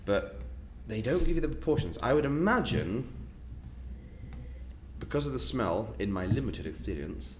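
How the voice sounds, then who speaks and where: A man's voice: medium pitch, very animated, moderate pace, echoey room, a little hiss or hum. A man co-hosting a casual online wine tasting, a jokey, chatty storyteller. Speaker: wine shop co-host.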